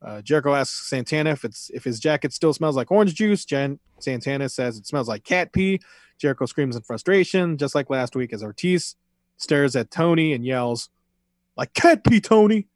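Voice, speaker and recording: A man's voice: medium pitch, animated, moderate pace, no room sound. A man co-hosting a podcast, chatting casually and rambling with lots of fillers and offhand swearing. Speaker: podcast co-host recapping wrestling. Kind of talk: casual chat.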